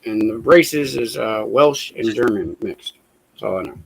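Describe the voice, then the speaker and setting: A man's voice: fairly low pitch, unhurried, gravelly, husky, rough recording. A man from the American South with a Southern accent, chatting in a laid-back way and swearing often. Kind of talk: casual chat.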